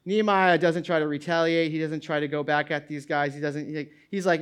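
Preaching with animation, this middle-aged pastor talks a little fast, barely pausing, in a clean tone. He often repeats himself and starts over, and his reading of scripture comes out booming.

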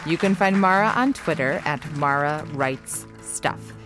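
A woman hosting a storytelling podcast, reading announcements and thanks in a steady way. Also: deep voice, measured pace, loud music behind the voice. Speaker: podcast host.

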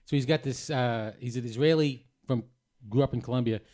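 Brief: everyday mid-pitched man, meandering storyteller, casual. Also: fairly quick, a little mellow. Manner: meandering anecdote telling. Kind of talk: casual comedy chat.

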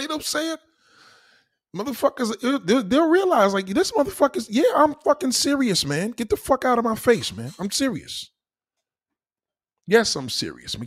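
Husky man in a profane rant. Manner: loud, crude, swings between low mutters and high exclaims. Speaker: vlogger ranting to camera.

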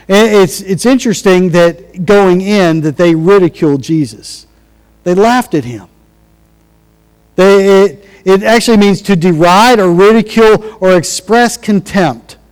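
A man's voice: high voice, a little mellow, smooth, big-room sound, poor audio. A man preaching a sermon in a conversational way, acting out quotes as he goes. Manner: conversational, restarts and acted-out quotes. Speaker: pastor.

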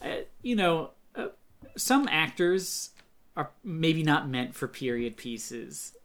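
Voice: mid-range voice, very animated, takes it slowly, fairly bright tone. This podcast co-host rambles in casual chat, trailing off into tangents and breaking into laughter along the way. The voice sits in an ordinary middle register.

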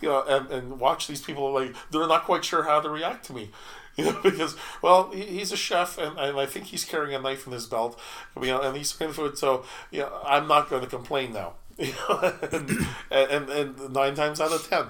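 A man's voice: on the high side, steady tone, moderate pace, a bit bright. A middle-aged man telling work stories in casual chat, stumbling through restarts and repeated words and laughing often.

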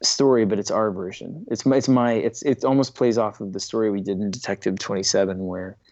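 A man's voice: on the low side, fairly even intonation, fairly quick, a little mellow, dry recording. A man talking as a guest in a casual interview, rambling enthusiastically and often restarting his sentences. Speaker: comic book writer, interview guest. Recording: dull lo-fi dry recording.

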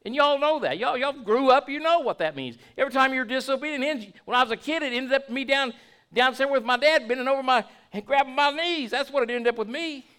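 Male pastor, high bright voice, folksy sermon delivery with lots of restarts. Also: fast talker, smooth. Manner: folksy, repeats and restarts words, asks the congregation questions.

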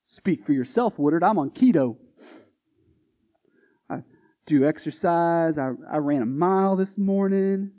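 Man doing a wry skeptic from the pews, fairly high, muffled recording. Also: a little slow, pauses often, natural voice. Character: skeptical, defensive male churchgoer.

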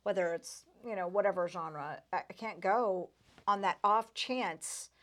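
A woman's voice: medium pitch, a little slow, fairly bright tone. A woman hosting a podcast, chatting casually and sharing her own stories with a sympathetic manner. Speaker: podcast host. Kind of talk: casual conversation.

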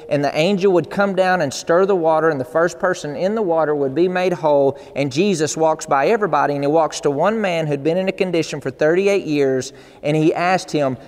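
A man's voice: fairly high pitch, a little mellow, big-room sound. A male pastor preaching a sermon in an earnest, repetitive way that builds to emphatic peaks.

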